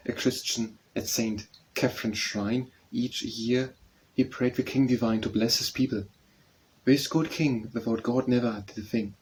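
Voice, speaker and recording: A man narrating an audiobook of poems in a measured, steady verse recitation. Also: mid-range voice, a little hiss or hum, low-quality recording. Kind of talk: audiobook poetry reading.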